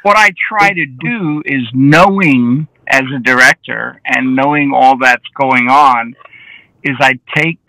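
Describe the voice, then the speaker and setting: A man, a film director, talks through behind-the-scenes stories in a casual interview. His voice is raspy with a bright, forceful edge, and it sounds close and dry with no room around it. He tells his anecdotes with energy and slips into the voices of the people he quotes. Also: mid-range voice, slow pace, dry recording, low-quality recording. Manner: lively anecdotes, often acting out quoted dialogue.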